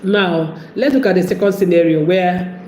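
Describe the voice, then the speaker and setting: A woman's voice: on the low side, moderate pace, a little mellow. Woman chatting about relationships, laughs a lot, roomy echo and a faint hum behind. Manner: chatty, laughs often, acts out quoted lines. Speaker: relationship advice host. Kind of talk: casual advice talk. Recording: echoey room with faint background noise.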